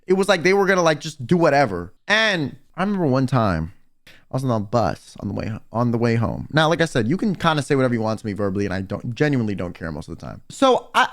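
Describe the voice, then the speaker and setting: A young man telling a personal storytime in casual, profane slang, animated and blunt. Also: a little high. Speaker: vtuber and livestreamer. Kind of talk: storytime rant.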